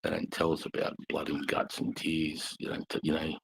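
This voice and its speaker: Gravelly deep-voiced Australian army veteran. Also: male voice, monotone, normal speed, fairly bright tone, slight background noise, rough recording. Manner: blunt, heavy swearing, intense. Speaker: army veteran telling war stories. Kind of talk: casual bar chat.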